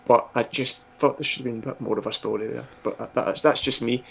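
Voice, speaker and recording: A man with a gravelly, creaky voice in casual podcast chat. He stumbles over his openings, repeating words before he gets going. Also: medium pitch, fairly even intonation, a little fast. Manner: stammering restarts, mild.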